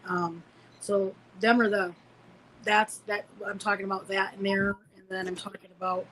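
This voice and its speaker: Her medium-pitched voice is flat and a bit bright at normal speed, captured in a low-quality recording with some background noise. She's in her forties, from Illinois in the United States, and as a podcast guest she tells personal stories casually and ramblingly, with many fillers and restarts.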